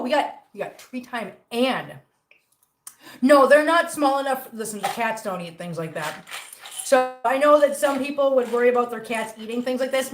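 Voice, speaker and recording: A woman's voice: a little high, a bit bright. A middle-aged woman hosting a casual livestream chat about her cats, teasing and reading viewer comments aloud. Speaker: cat channel host. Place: home room. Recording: echoey room.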